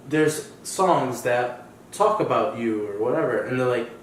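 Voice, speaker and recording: A man's voice: mid-range voice, moderate pace, slight background noise. A man co-hosting a movie review podcast, easygoing and agreeable. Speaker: podcast co-host. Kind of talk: casual movie review chat. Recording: echoey room, distant mic.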